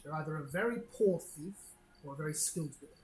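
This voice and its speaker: A woman's voice: low voice, quick pace, a little mellow, echoey room, slight background noise, natural voice. A woman voicing a stern, scarred nobleman and father who speaks curtly and commandingly. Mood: courteous.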